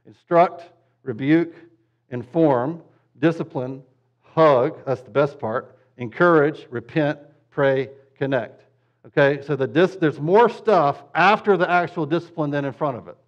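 A man's voice: on the high side, measured pace, muffled recording. Man with a raised voice, chatty pastor. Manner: conversational, keeps checking in with "okay?" and "right?"; joking asides. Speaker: pastor teaching parents. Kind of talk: casual church teaching on parenting.

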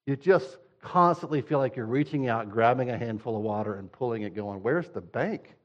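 A man's voice: mid-range voice, fairly quick. A man delivers a humorous sermon about parenting, his energy swinging as he acts out little scenes. His voice sits in a middle register. The recording is a bit dull and lo-fi. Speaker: father.

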